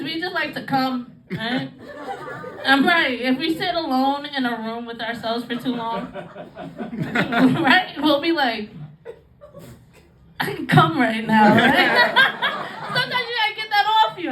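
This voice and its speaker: A high-pitched woman in her thirties works a comedy club stage with a bawdy stand-up set, laughing through her own jokes. Her voice comes from a distant mic in a roomy club. A crowd laughs and claps clearly around her. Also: animated, a little slow. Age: 30s. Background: audience laughing and clapping.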